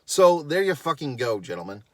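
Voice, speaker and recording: A man's voice: fairly high pitch, very animated, moderate pace, dry recording. A man delivering a profane, sarcastic rant on his vlog, blunt and dismissive in tone. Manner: sarcastic, heavy swearing. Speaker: wrestling commentator.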